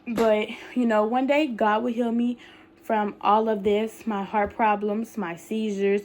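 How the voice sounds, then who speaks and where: A woman's voice: a little high, little pitch movement, measured pace, a little mellow, a little hiss or hum. Breathless young woman vlogging. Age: young adult. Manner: rambling, many fillers, colloquial speech. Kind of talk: casual talk to camera.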